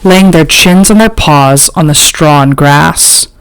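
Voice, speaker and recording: Slow, measured woman reading an audiobook. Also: sits low, smooth, dry recording, poor audio. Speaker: audiobook narrator. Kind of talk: scripted narration.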